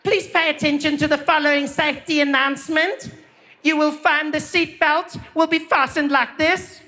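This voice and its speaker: A man's voice: extremely high pitch, steady tone, moderate pace, sharp tone, slight background noise, pitched above the performer's own voice. A man doing a sing-song woman flight attendant. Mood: formal. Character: woman flight attendant reading a safety announcement.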